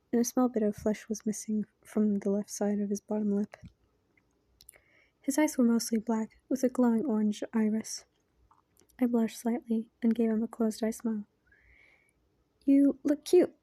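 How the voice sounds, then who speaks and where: A woman reading a fan story aloud in a quiet, soft-spoken voice that often drops into a half-whisper. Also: a little high, no room sound. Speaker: fan fiction reader.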